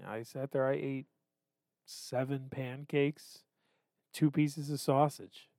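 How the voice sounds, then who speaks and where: A man's voice: mid-range voice, level tone, takes it slowly, darkish tone, no echo. A man co-hosting a podcast, talking candidly and self-deprecatingly about his struggles, swearing freely. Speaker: podcast co-host. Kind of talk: casual confessional chat.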